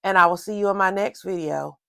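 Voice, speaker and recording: Southern lady chatting thru a journal setup, easygoing and rambly, bit of fry in her voice. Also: medium pitch, no echo. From Southern United States. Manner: slow, relaxed, rambling with repeated "again". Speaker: journaling vlogger. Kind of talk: casual plan-with-me chat.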